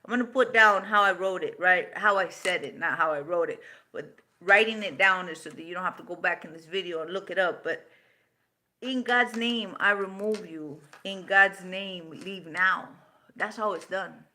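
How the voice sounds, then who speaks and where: A woman's voice: lowish voice, fairly quick, sharp tone. A woman in her fifties hosting a livestream, talking bluntly, swearing freely and answering viewer comments. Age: 50s. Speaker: livestream host. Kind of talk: unscripted livestream talk.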